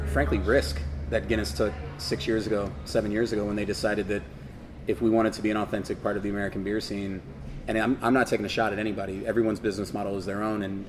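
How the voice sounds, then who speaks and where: A man's voice: fairly low pitch, noisy background. A man from Baltimore, a brewery representative, talking casually in an interview and often restarting his sentences. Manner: thoughtful, speaks in halting restarts.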